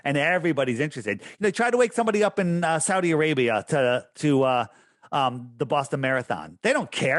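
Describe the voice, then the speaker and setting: Animated and brisk, a man with a higher-than-average voice speaks with no echo as a guest on a podcast. In this relaxed interview he rambles and forgets where he was going before pushing his points with emphatic preachiness.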